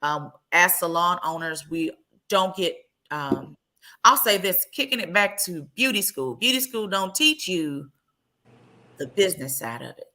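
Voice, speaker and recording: A woman's voice: lowish voice, animated, a little slow, sharp tone. A woman hosting a live podcast, chatting casually, laughing often and loose in her speech. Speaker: podcast host.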